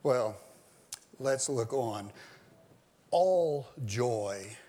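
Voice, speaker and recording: A man preaching a sermon, swinging between loud declarations and low, quiet asides, addressing his listeners directly. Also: expressive, drawn-out words.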